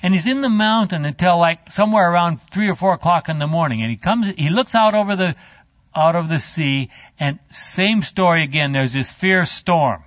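A man teaching a Bible study, retelling a story in an animated, halting, chatty way with a handout. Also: a little high, no echo. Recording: dull lo-fi dry.

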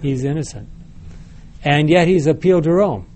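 A man's voice: on the high side, expressive, normal speed, darkish tone, slight background noise. A man teaching a Bible study class, reading scripture aloud and then explaining it with questions to the group. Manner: reads passages, then asks the group checking questions.

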